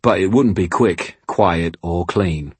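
A man's voice: low-pitched, takes it slowly, breathy edge, dry recording, heavily acted. A man reading an audiobook voicing a coarse, annoyed hired mercenary who growls and swears freely. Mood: gruff, cunning.

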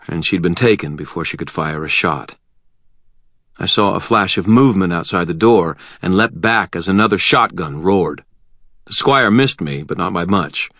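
Deep male narrator, dry close sound, measured first-person audiobook reading. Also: fairly bright tone, no room sound.

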